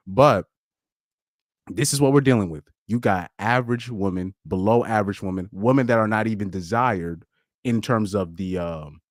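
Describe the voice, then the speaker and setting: Rambling, animated man on a live stream. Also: fairly low pitch, no echo, clean studio sound. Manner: animated, rambling, laughs a lot, repeats words. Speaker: podcast host. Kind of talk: casual live stream chat.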